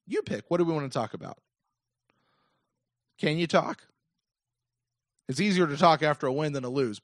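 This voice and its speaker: A man in his thirties with an American accent, hosting a casual call-in sports podcast in an animated, emphatic rant. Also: medium pitch, no echo, clean studio sound. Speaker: podcast host.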